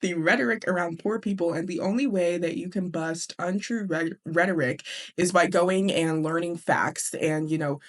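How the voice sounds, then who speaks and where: A woman hosting a casual book discussion, chatty and animated, with blunt profanity. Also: on the low side. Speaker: host.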